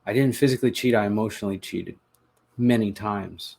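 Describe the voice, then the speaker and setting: Gravelly, low-voiced man recounting his story. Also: a little mellow. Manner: earnest, halting, with repeated words and restarts. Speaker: podcast host telling his recovery story. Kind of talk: confessional personal narration.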